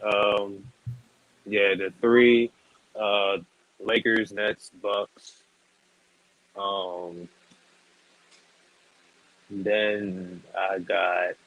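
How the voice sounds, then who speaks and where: A man on a casual sports chat who speaks hesitantly, with many pauses and fillers. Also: fairly low pitch, fairly bright tone, highs cut off. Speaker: panelist.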